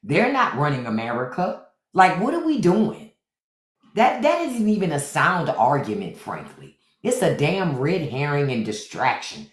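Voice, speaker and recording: A man's voice: a little high, big pitch swings, unhurried. A man hosting a livestream, ranting bluntly and profanely in a casual chat style. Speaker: podcast host. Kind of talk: livestream rant. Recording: echoey room.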